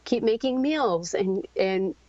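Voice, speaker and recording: A middle-aged woman pours out a raw personal story as a podcast guest, halting often and restarting her sentences. The recording is dry and a bit dull, with no room sound. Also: mid-range voice, lively intonation, darkish tone, dry recording. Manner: halting, searching for words, many ums and restarts.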